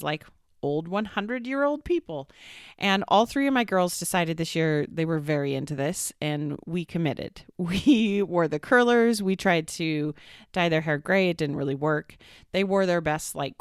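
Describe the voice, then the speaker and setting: A woman's voice: medium pitch, smooth, no echo, clean studio sound. A woman in her thirties hosting a coaching podcast, chatty and upbeat, laughing often as she talks. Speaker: podcast host and work coach. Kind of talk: casual podcast monologue.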